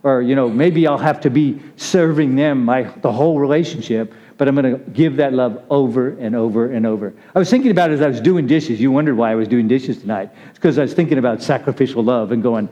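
A man with a dark, medium-pitched voice talks fast and barely pauses while delivering a casual, conversational sermon. Chatty and laughing, he calls out to listeners by name in a muffled lo-fi recording.

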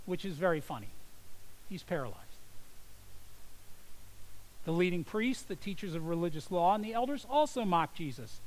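A male pastor preaching a sermon, quoting scripture and dropping to hushed lows before rising to loud, pointed questions. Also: lively intonation, normal speed, long pauses, low-quality recording.

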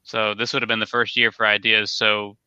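A man's voice: on the low side, level tone, brisk, bright, forceful tone, clean tone, no echo, dull audio. A young man co-hosting a casual chat, opinionated and rambling as he picks apart toy sets. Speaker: co-host reviewing toy sets.

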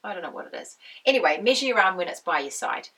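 A woman with a croaky voice, chatting casually as host of a knitting podcast and wandering off on tangents. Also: fairly low pitch, very animated, quick pace, sharp tone, distant mic, rough recording. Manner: chatty, rambling, goes off on tangents. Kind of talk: casual chat to camera.

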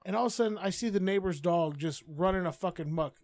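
A man's voice: high voice, fast, a little mellow, no echo. A man telling a long, profane neighborhood story as a podcast co-host in casual chat.

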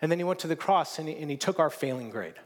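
A man delivers a sermon in a fairly high voice. He speaks earnestly, often stumbling over and repeating words, then lifting into emphatic, urgent passages. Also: animated, fast talker. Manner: earnest, with frequent restarts and rising emphatic passages. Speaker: pastor.

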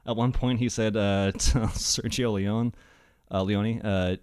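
A man's voice: fairly low pitch, fairly even intonation, a little slow, a little mellow, clear, resonant tone. A man hosting a casual movie podcast, telling stories in a rambling way, with lots of fillers and laughter. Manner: rambling, laughs often, filler-heavy storytelling. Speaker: podcast host.

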